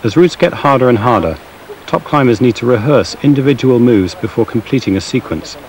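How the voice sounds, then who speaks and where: A man giving measured, scripted documentary narration in a studio voice-over. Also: medium pitch, animated, darkish tone, low-quality recording.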